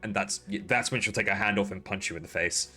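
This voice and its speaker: Homme grave, maître du jeu décontracté. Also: male voice, fairly low pitch, fast, sharp tone, husky, soft background music. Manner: casual, swearing, hesitant fillers. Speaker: game master. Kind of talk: narrating a tabletop game.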